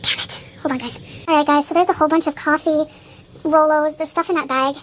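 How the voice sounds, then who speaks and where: A woman's voice: high voice, steady tone, a little fast, background noise. A woman vlogging casually outdoors beside store dumpsters, talking in a chatty, loose way. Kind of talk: casual on-the-go vlog. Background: passing vehicles.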